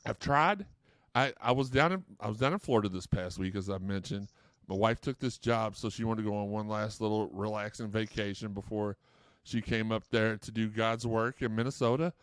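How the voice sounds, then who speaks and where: Male sports podcast host, lowish smooth voice, rambling joker. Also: a little fast, no echo, clean studio sound. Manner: rambling storyteller, jokey, many restarts. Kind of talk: casual chat.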